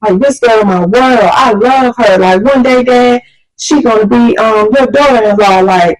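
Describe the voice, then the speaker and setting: A woman voicing her defensive, smooth-talking teen boyfriend, in slangy pleading protests. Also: on the high side, unhurried, voice pushed up, close to an everyday voice, rough recording.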